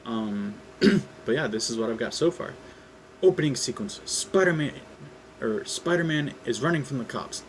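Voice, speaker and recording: A man reading his own fan script aloud in a casual, hesitant way, full of ums and throat clearing. His pitch sits mid-range for a man. Faint background noise runs under the recording. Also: animated, moderate pace, low-quality recording. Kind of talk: casual read-aloud narration.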